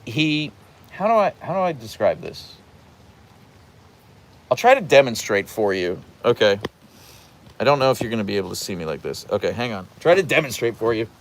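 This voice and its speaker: A chatty man talking outdoors in light rain during a casual live stream. His pitch leaps up and down freely as he answers viewers' questions, and the middle of his voice sits at an ordinary height. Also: normal speed, long pauses. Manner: chatty and animated, acting out his dogs in funny voices. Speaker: host answering live chat.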